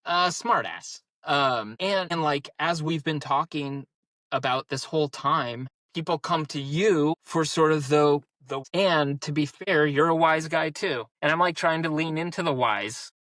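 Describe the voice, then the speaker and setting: A man's voice: fairly high pitch, unhurried, a bit bright, dry recording. A man in his thirties co-hosting a podcast, talking in a casual, rambling way and telling stories full of "like" fillers. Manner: rambling storyteller, many "like" fillers. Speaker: podcast co-host. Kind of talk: casual conversation.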